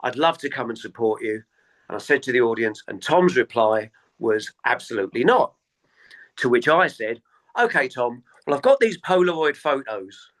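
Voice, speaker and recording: A man's voice: mid-range voice, moderate pace. Chatty male comedian telling tour stories. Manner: animated anecdotes, acts out quoted voices. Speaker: comedian guest. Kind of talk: casual interview storytelling.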